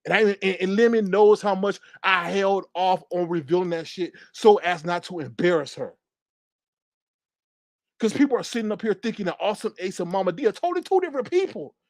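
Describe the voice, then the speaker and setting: High-voiced man ranting on a livestream. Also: animated, fairly quick, dry recording, studio quality. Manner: angry, profane, repetitive. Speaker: livestream host. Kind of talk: heated livestream rant.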